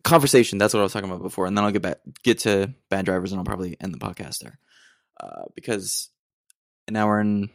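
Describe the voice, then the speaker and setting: A low-voiced American man rambles through a solo podcast rant. He digresses often and sounds mock-exasperated. The sound is dry and close, with no room around him. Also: expressive, fast talker, gravelly, no room sound. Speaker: podcast host.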